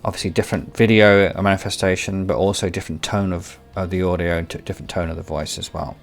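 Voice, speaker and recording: Acting as a tutorial host, a man with a fairly low, creaky voice walks through an AI video tool, speaking fast in a steady tone. His commentary is casual and unscripted; he rambles, circles back and repeats himself while searching for words.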